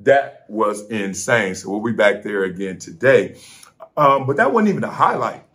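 Speaking at a normal speed with a fairly low pitch, the middle-aged vlog host recounts a story from his vacation hotel room. He's animated throughout, laughing and imitating the voices of those he quotes.

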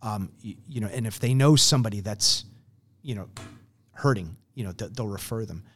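A man's voice: fairly low pitch, normal speed, fairly bright tone. A man in a conversational interview, explaining his program earnestly, telling stories and acting out quotes along the way. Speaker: program founder.

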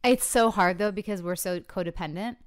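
A woman's voice: medium pitch, brisk, smooth. A woman co-hosting a casual chat with her partner, talking freely, laughing often and acting out what she said to him. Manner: chatty, laughs often, acts out quoted lines.

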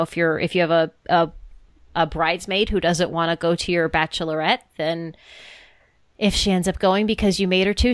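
A woman co-hosts a podcast, chatting casually and telling stories full of fillers. Her voice is lowish, and there's no room sound in the recording.

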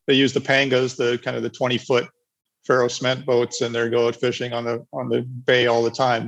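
A man with a gravelly, slightly husky voice gives a loose webinar presentation. He rambles, restarts his sentences and fills gaps with "um" and "you know.". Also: medium pitch, fairly bright tone, muffled recording. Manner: rambling, with many restarts and fillers. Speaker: agroforestry project presenter.

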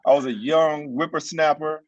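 A man's voice: on the high side, normal speed, no room sound. Man telling a story, dull dry sound. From New Orleans, US South. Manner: animated, self-mocking storyteller. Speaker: guest, co-host of another show. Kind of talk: casual storytelling chat.

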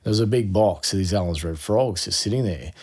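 An Australian man with a fairly low voice tells animated stories in a relaxed interview. He talks as a youth worker, full of casual slang. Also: brisk, breathy edge. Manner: animated, laughing anecdotes with slang.

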